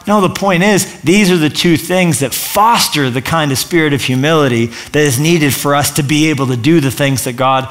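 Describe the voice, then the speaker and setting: A man's voice: on the high side, brisk, few pauses. Upbeat man preaching a sermon. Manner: energetic, conversational preaching with restarts and asides. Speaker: pastor. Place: church stage.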